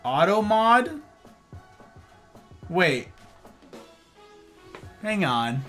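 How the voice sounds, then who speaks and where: Animated, bright-voiced male streamer. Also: high-pitched, drawn-out words. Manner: animated, playful, reacts to chat. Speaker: livestream host. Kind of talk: casual chat with viewers. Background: faint music.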